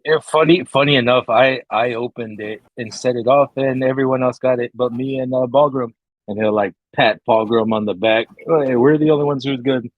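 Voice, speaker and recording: A man's voice: mid-range voice, fairly even intonation, normal speed, no echo, phone-quality sound. Male player, casual and upbeat, recorded dry and close. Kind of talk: casual tabletop game chat.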